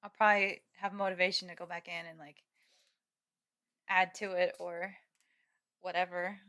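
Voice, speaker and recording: A woman's voice: fairly low pitch, level tone, moderate pace, pushed and bright. A young woman live-streaming from home, chatting casually with viewers and laughing often. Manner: giggly, chatty, reads chat aloud.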